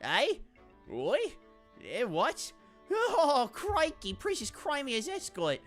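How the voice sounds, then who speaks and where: A jittery young servant girl pipes up high and stammers out apologies, fretting over her mistake, as a woman acts her out. Her pitch jumps around as she flusters, like a video game character read aloud. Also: very animated, a little slow, a bit bright, faint music behind, heavily acted. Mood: flustered. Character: panicky young female palace servant.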